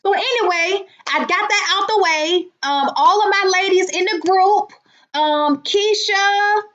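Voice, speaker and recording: A woman, hosting a casual livestream from home, loud and profane, greeting viewers by name. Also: extremely high pitch, dull audio. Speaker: livestream host.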